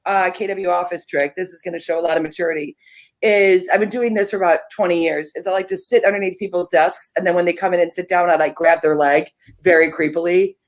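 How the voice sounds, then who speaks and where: A woman's voice: on the low side, fairly even intonation, quick pace. A woman co-hosting a live morning show, telling playful stories in casual banter. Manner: playful, giggly storyteller.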